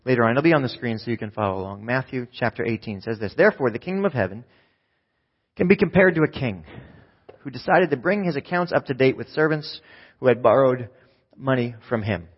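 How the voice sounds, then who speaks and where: A man's voice: mid-range voice, animated, brisk, husky. A man preaching a sermon in a conversational way, often checking in with his listeners. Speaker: pastor. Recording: dull lo-fi sound with long hall reverb.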